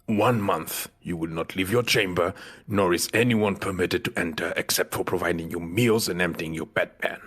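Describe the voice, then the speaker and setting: A man playing a cold, furious aristocratic father who speaks each word precisely and venomously, with a husky voice, in a fantasy audio drama. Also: sits low, normal speed, fairly bright tone. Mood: cold fury.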